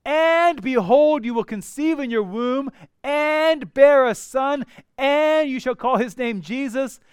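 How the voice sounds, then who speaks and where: A preacher voicing the angel Gabriel as an excited male messenger, with eager, swelling declarations. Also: extremely high pitch, slow pace, clear, resonant tone, no room sound, studio quality, voice pushed up.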